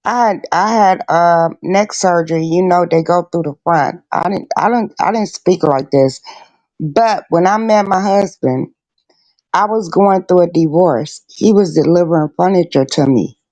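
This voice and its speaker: A woman's voice: on the low side, measured pace, darkish tone, dry recording. A middle-aged woman hosting a casual chat, telling stories bluntly and with plenty of swearing. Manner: blunt, profane storyteller. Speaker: host.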